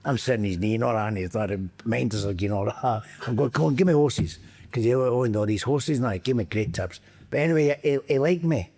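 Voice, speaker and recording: A middle-aged Scottish man, a former footballer appearing as a podcast guest, speaks at medium pitch and a slightly quick pace. He tells animated anecdotes in a loose, chatty style, acting out other people's voices and laughing often.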